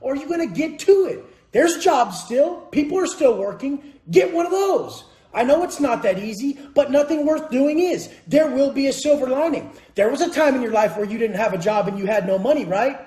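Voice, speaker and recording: A man's voice: very high-pitched, expressive, normal speed, hardly any pauses, dark tone. A young man telling a blunt, profane, motivational story in casual vlog talk. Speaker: vlogger. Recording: echoey room.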